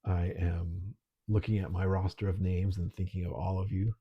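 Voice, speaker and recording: A middle-aged man teaching an online literature lesson, relaxed and conversational, with frequent ums. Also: sits low, moderate pace, slightly rough, dull audio.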